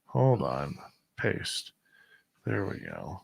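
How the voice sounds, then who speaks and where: A man's voice: low voice, huge pitch swings, extremely slow, creaky, husky, dry recording. A middle-aged Canadian man hosting a radio show, chatting casually and trailing off as he works the computer. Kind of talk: casual chat.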